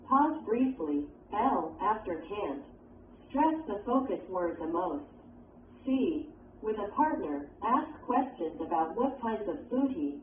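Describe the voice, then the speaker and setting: A woman reading an English textbook lesson aloud in a measured, instructional way. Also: medium pitch. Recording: tinny phone-like sound, distant, roomy, faint hiss.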